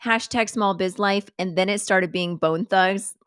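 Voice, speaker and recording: A woman's voice: mid-range voice, measured pace, fairly bright tone, smooth, no room sound, clean studio sound. A woman hosting a live stream, chatting casually, giggling and swearing freely as she reacts to clips. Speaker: host.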